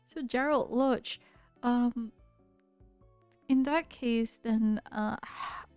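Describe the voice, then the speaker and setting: A young woman with a Malaysian accent, chatting casually with her viewers on a livestream, curious and quick to laugh, often restarting her sentences. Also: fairly high pitch, darkish tone, clear, resonant tone, no room sound, faint music behind. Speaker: streamer. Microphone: close studio mic.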